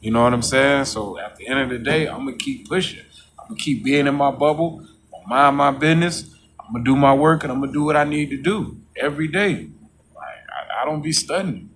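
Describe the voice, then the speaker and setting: Man, casual monologue, preachy and repetitive, mid-pitched voice, faint background noise. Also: lively intonation, a little fast, a bit bright. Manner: preachy, repeats "you know what I'm saying"; mocks coworkers in a high voice.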